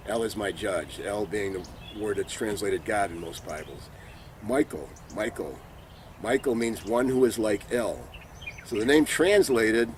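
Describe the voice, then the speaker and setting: A man's voice: on the low side, a little hiss or hum. A man giving an informal religious teaching, earnest and repeating his key points for emphasis. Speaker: Bible teacher. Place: sitting somewhere in Israel.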